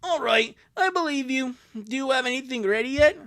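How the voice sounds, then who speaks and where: A woman's voice: high-pitched, lively intonation, a little fast, fairly bright tone, voice pushed up. A woman voicing a bossy older sister in her late teens who teases her younger brother, in a live fan dub of a cartoon comic. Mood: brisk.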